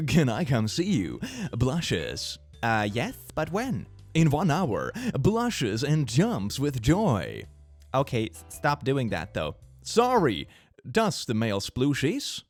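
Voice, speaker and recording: A comedic commentator reading awful messages aloud in mock-dramatic, sarcastic voices. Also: mid-range voice.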